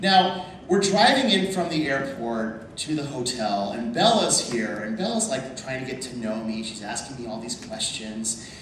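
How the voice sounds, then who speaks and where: A man speaking at a convention panel, telling a story over slides in an animated way and calling the audience "folks". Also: mid-range voice, moderate pace. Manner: animated, addresses the crowd as folks. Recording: echoey hall from far off, noisy.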